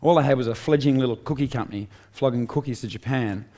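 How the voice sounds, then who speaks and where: Talking fast in a dark-toned, mid-range voice, this Australian motivational speaker in middle age addresses a live audience from the stage. Rhetorical questions and emphatic repetition carry his points.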